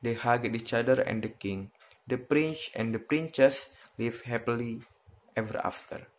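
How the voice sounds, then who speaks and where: A man's voice: mid-range voice, measured pace. Teen boy reading a fairy tale aloud. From Indonesia. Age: teens. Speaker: student.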